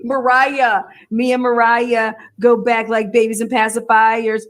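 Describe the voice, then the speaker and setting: This true crime streamer has a fairly high, level voice and speaks a little slowly, with few pauses. She rants loudly on her livestream in coarse, casual language, cursing and cackling often.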